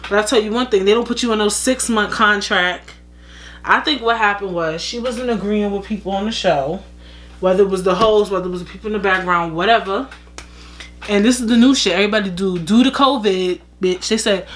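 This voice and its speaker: Woman, vlogger, casual gossip, blunt, profane, animated. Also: mid-range voice, fairly quick.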